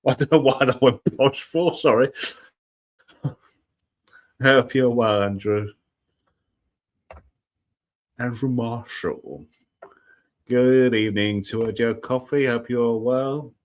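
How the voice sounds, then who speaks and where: A man's voice: mid-range voice, slow pace, pauses often. A man hosting a casual weather live stream from home, chatty and self-mocking, greeting viewers one by one. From United Kingdom. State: just over a cold. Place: home room with cats and laptop. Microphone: laptop live stream.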